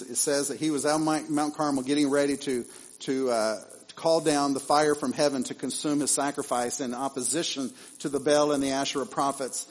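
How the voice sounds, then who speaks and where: A man, preaching a church sermon. He talks in a loose, conversational way, breaks into animated asides, and repeats phrases for emphasis. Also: on the high side, low-quality recording. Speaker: pastor.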